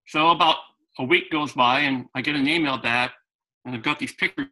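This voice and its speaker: Bright-voiced man telling a story. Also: medium pitch, brisk, low-quality recording. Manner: animated anecdotal, with frequent restarts. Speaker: guest. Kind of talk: storytelling in conversation.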